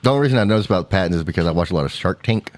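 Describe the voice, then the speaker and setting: A man's voice: low voice, expressive, very fast, a little mellow, no room sound. A man co-hosting a casual podcast who rambles and easily loses track of the topic. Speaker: podcast co-host.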